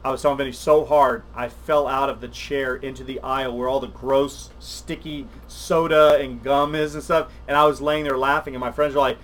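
An older man, chatting on a podcast livestream, rambling and animated with many restarts. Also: medium pitch, normal speed, hardly any pauses. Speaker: podcast co-host. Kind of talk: casual chat on a livestream.

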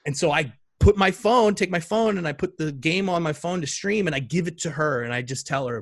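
A man telling a story in a casual chat, animated and full of fillers. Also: fairly high pitch, brisk, hardly any pauses. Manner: animated, chatty, many fillers.

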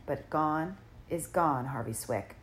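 A woman voicing a sinister ancient male spirit who steals time, speaking slowly with a rasping, coaxing menace in an audiobook. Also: sits low. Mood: knowing. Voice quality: rasping, creaking. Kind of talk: audiobook character voice.

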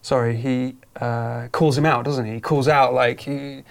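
A man's voice: medium pitch, steady tone, a little slow, gravelly. A man chatting casually about films on a podcast, rambling with many fillers and restarts.

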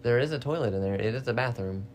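A woman co-hosting a casual let's-play, chatting and loudly coaching the player through fights. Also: rumbling low, lively intonation, fast, crowd noise. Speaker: co-host watching a game being played.

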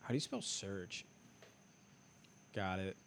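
A man's voice: low-pitched, big pitch swings, takes it slowly, gravelly, fairly bright tone. Laid-back young man, joking. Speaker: podcast co-host. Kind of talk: casual chat.

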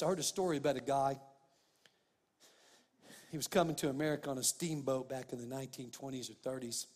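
A male preacher with a fairly high voice delivers an impassioned sermon, often repeating himself and growing louder as he drives a point home. His voice rings out with a long reverb, as if he were in a large church hall. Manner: fervent, rising in pitch and volume when stressing points; repeats and restarts phrases, addresses listeners as "man, guys".

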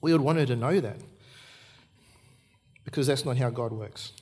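A man's voice: medium pitch, moderate pace, a little mellow, breathy edge. A middle-aged man, preaching a sermon at a church service and repeating key points for emphasis. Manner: earnest storytelling with emphatic repetition. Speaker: pastor.

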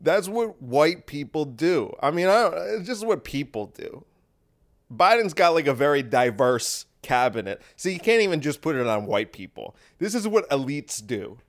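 Brief: a podcast host, a man with a slightly high voice, riffing sarcastically with deadpan asides. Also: normal speed. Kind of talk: sarcastic comedic monologue.

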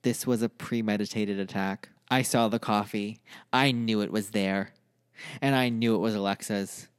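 A man's voice: lowish voice, fairly even intonation, normal speed, smooth. A young man co-hosting a podcast, telling his side in mock-indignant, teasing casual chat. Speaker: podcast co-host.

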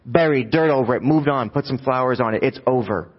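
A man's voice: mid-range voice, a little fast. Man preaching a conversational sermon, echoing hall. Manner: conversational, asks the congregation rhetorical questions. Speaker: pastor. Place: church sanctuary. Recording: dull sound with long hall reverb.

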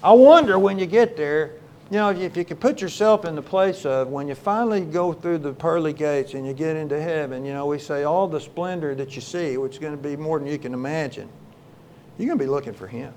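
A male pastor preaching a sermon, moving between loud exclamations and quiet, low lines. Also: brisk, a little hiss or hum.

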